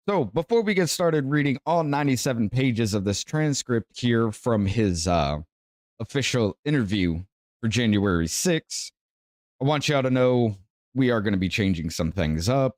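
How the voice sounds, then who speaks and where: Man, podcast host, casual talker, mid-pitched, dry close mic. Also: darkish tone, no echo. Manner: chatty and conversational, says y'all. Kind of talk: casual commentary monologue.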